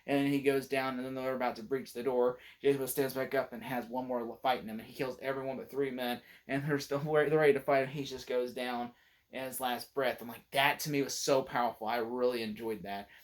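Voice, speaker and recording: A man casually retelling a film's plot for a review, rambling with many filler words and restarts, excited about the scenes he loves. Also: mid-range voice, quick pace. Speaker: movie reviewer. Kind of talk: casual spoken movie review.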